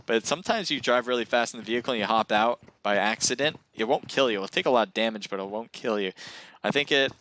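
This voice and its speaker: A man's voice: mid-range voice, fast, slight background noise. Laid-back man casting a live esports match. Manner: casual and chatty, laughs often and gets excited at close calls. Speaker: esports caster. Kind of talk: live game commentary.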